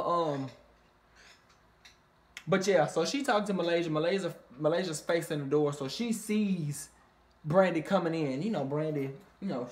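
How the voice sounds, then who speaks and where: In a loose recap vlog of a reality show episode, the speaker is animated and curses nonstop. "You know what I mean" keeps popping up, and they sometimes break into squealing, high-pitched impressions of cast members.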